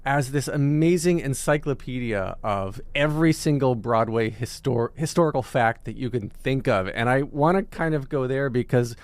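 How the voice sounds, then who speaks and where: A man's voice: mid-range voice, moderate pace, hardly any pauses, clear, resonant tone. A man hosting a podcast interview, introducing his guest with enthusiasm and joking with her. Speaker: podcast host.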